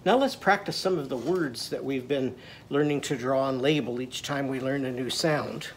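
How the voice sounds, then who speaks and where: A man's voice: medium pitch, moderate pace, a little hiss or hum. A man teaching a children's phonics lesson in a playful, sing-song way, leading the listeners in call-and-response chants. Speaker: literacy teacher.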